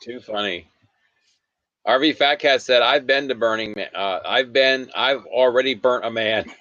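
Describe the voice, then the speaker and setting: Casting: man, bright forward voice, giggly podcast host, dry lo-fi sound. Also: mid-range voice, moderate pace, no room sound. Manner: giggly, reads chat comments aloud. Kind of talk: casual chat, reading viewer comments. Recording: dull lo-fi sound.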